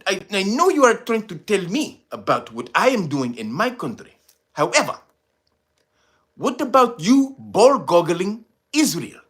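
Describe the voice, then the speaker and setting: A man's voice: high-pitched, pitched above the performer's own voice. A man voicing an indignant male head of state who taunts a rival leader in a formal, theatrical way.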